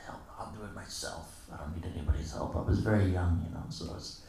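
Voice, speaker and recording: A man with a low, gravelly voice gives a temple morning lecture as a string of casual stories. He slips into the voices of the people he quotes and chuckles along the way. The sound is very reverberant and picked up from across the hall. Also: fast talker, warm tone. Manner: casual storytelling, acting out quoted dialogue with chuckles. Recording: very echoey hall, distant mic.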